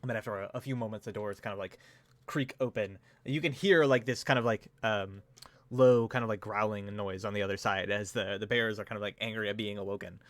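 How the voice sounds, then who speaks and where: Male game master, low voice, rambling casual narration, dry sound. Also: fairly even intonation, a little fast, a bit bright, no room sound. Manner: loose, filler-heavy narration.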